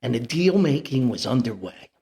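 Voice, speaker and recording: A man's voice: mid-range voice, big pitch swings, moderate pace, creaky, a little mellow. An older man, telling a rambling, chuckling family anecdote as a podcast host. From New Jersey. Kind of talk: anecdotal storytelling.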